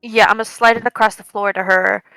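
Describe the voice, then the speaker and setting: A woman eagerly describes her character's moves in a tabletop game. Her voice is bright and crisp on a dry mic. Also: medium pitch, fairly even intonation, fast, no room sound, faint music behind, rough recording. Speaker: player. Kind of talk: tabletop role-play.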